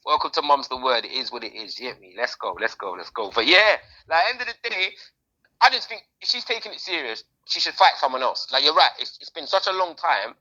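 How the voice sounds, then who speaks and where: A man, co-hosting a podcast in casual, slangy, animated chat. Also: a little high, a little fast, highs cut off. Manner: animated, slangy, talks over others. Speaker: podcast co-host.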